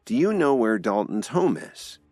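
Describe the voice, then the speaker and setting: A man voicing a gentle young man recovering in a hospital bed. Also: medium pitch, sing-song, measured pace, no room sound, voice pushed up.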